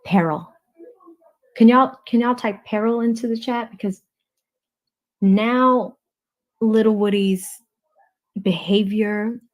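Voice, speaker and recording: A woman's voice: fairly high pitch, takes it slowly, pauses often. A woman hosting a livestream, reading court transcripts aloud and naming each speaker before their lines.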